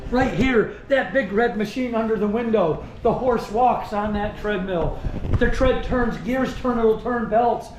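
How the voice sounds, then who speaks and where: A man's voice: high voice, measured pace. A man giving a museum tour as a theatrical old-time salesman, teasing and addressing his visitors directly. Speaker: costumed museum tour guide. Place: indoor store museum among visitors. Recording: echoey room, faint background noise.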